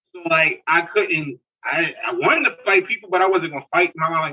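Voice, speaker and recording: A man from Newark, telling animated stories in slangy casual chat and laughing often. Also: a little high, moderate pace, breathy edge. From Newark, New Jersey. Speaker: podcast co-host. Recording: distant, dull lo-fi mic.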